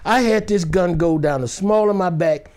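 A man's voice: sits high, normal speed, a little mellow, clean tone. A man from Detroit who is an actor, vividly telling a dramatic personal story and acting out the scenes. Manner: vivid, dramatic, acts out scenes with shifting voices. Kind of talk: animated storytelling anecdote.

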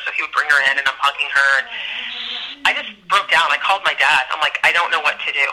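A woman's voice: low-pitched, steady tone, brisk, pushed and bright, poor audio. A middle-aged woman telling a personal story as a podcast guest, speaking in an earnest, reflective and emphatic way.

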